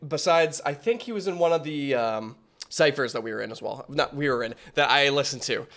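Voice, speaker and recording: A man's voice: mid-range voice, lively intonation, a little fast, fairly bright tone. A young man hosting a casual reaction video, rambling with lots of fillers and restarts as he thinks aloud.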